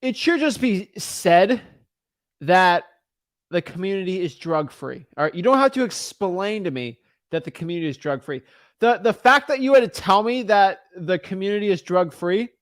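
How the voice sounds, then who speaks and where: A man cold-calling home sellers and ranting in between, with his pitch swinging up and down a lot. His voice sits a little high for a man and sounds dry and close, with no room around it. He trips over repeated words when he gets fired up. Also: no room sound. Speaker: real estate wholesaler cold calling sellers. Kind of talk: casual ranting commentary between calls.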